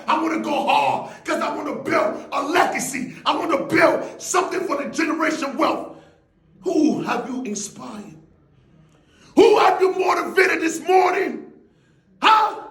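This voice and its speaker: A man giving an intense motivational speech, often shouting and firing off rhetorical questions. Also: very high voice, vocal fry, echoey room. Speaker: motivational speaker.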